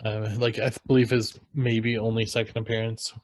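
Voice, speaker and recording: An easygoing young adult man co-hosting a podcast, agreeing often and telling stories with a loose, casual delivery. His voice sits at an ordinary middle pitch. The sound is dry and close. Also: little pitch movement, moderate pace, darkish tone, no room sound. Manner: easygoing, agreeing, short backchannels. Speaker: podcast co-host. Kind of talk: casual chat.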